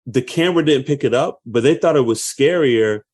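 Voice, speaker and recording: Animated man co-hosting a podcast. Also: medium pitch, fairly quick. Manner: animated, acts out movie quotes with loud outbursts. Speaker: podcast co-host. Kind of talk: casual chat.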